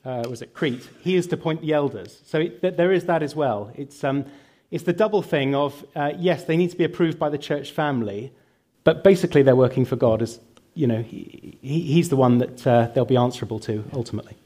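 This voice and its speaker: A man's voice: medium pitch, fairly quick, mellow. A man preaching a sermon and leading a prayer, emphatic and building through lists, later answering questions with some fillers.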